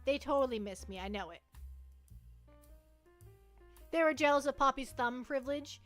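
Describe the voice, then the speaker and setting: A woman's voice: high-pitched, lively intonation, fast, a bit bright, faint music behind. A young woman chatting casually on a livestream, rambling playfully and restarting her sentences.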